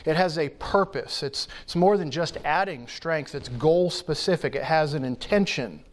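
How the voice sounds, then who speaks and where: Earnest man preaching a sermon. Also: a little high. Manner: earnest, emphatic teaching with measured pauses. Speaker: pastor. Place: church.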